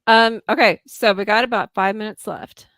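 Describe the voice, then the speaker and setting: A woman's voice: mid-range voice, fairly even intonation, moderate pace, a bit bright, no room sound. A woman hosting a podcast in a friendly, chatty way and reading out viewer comments. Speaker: podcast host.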